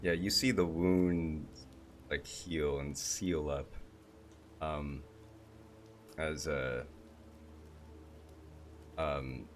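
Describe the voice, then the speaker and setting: A man narrating a tabletop game as game master, halting and searching for words. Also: a bass voice, fairly even intonation, soft background music. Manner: halting, many fillers and restarts.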